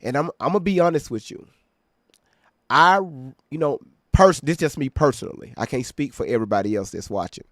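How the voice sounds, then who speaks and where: A man hosting a reaction video chats casually to his viewers, stressing his points and regularly checking that they're keeping up. He speaks fairly quickly in an expressive, mid-range voice with a slightly bright edge. The recording is dry and clean, with studio sound.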